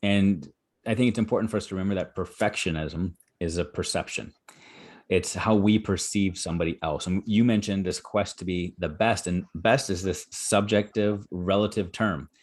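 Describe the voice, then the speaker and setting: A man hosting a podcast, talking in an earnest, encouraging and animated way. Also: sits low, normal speed. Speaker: podcast host. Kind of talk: conversational podcast interview.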